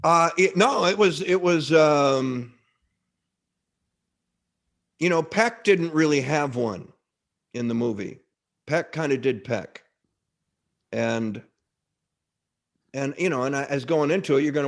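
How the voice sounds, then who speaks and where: A middle-aged actor with a medium-pitched voice speaks slowly, leaving long pauses, while telling stories as a guest in a casual interview. He rambles, restarts frequently, and keeps the anecdotes lively.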